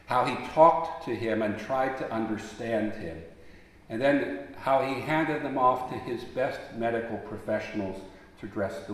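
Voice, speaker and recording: A man preaching a sermon in a large church sanctuary, telling stories in an unhurried way. He swells into emphatic appeals and then drops quiet again. His voice carries a long, booming echo through the hall.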